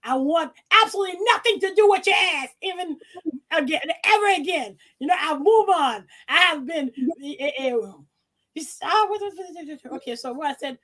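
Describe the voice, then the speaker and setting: High voiced woman on a podcast, swearing and laughing while reading out her emails. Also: moderate pace. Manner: profane, animated, laughing often.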